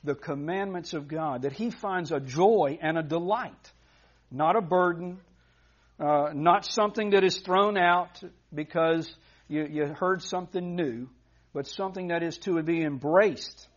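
A man's voice: fairly high pitch, measured pace. A man preaching a sermon as pastor, earnest and emphatic, often restarting phrases. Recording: dull lo-fi recording.

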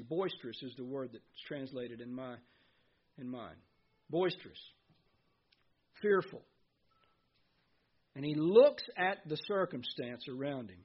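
A man's voice: fairly high pitch, slightly rough, highs cut off. A man preaching a sermon as pastor, reading scripture and asking his listeners questions. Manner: earnest preaching, reads scripture aloud, asks the congregation questions.

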